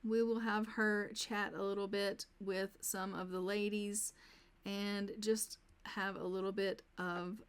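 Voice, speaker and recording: A woman's voice: mid-range voice, level tone, slow pace, smooth. A woman giving casual let's-play commentary on a life-sim game, chatting along and talking to her characters as she plays. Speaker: gameplay narrator.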